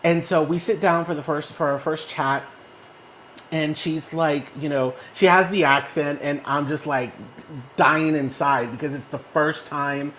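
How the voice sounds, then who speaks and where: This Texas co-host, heard through a phone in a social audio room, animatedly spins stories for a relaxed motivational chat, checking in constantly with "right?". He talks at a measured pace in a fairly high voice, with slight hiss or hum.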